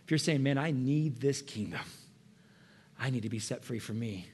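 Middle-aged male preacher, passionate sermon delivery with sudden hushed passages. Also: medium pitch, animated, normal speed, slightly rough. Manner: impassioned, swings from loud to hushed whispers. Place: church.

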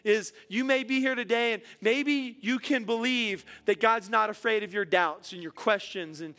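A male pastor delivers a sermon in a high voice. His tone is bright and forceful. He moves from soft, gentle passages to emphatic peaks and often repeats his words. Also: normal speed.

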